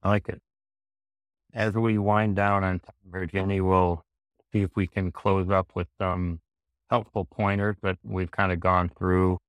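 Deep, flat-voiced man co-hosting. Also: a little slow, no room sound. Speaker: podcast co-host. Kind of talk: casual podcast chat.

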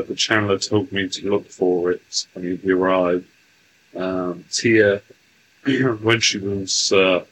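A man speaking formally in a stilted, deliberate way as the voice in a channeling session, telling a joke and chatting with guests. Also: deep voice, fairly bright tone, slight background noise, poor audio.

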